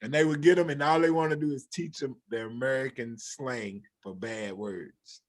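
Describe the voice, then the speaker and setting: A man's voice: mid-range voice, moderate pace. A man, a former football player and coach, telling stories in a casual chat and acting out the dialogue as he goes. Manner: animated storyteller acting out quoted dialogue.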